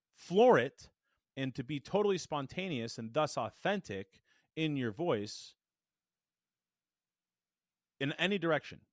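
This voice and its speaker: A man's voice: mid-range voice, no room sound. Man coaching voice in a dry studio. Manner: demonstrative, shifts between chest and head voice. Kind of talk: podcast lesson. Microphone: studio microphone.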